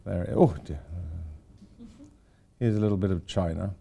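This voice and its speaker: A man's voice: low voice, unhurried, vocal fry, mellow, slight background noise. An older man giving an informal architecture lecture to students, rambling with wry, self-deprecating asides. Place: lecture hall at a university.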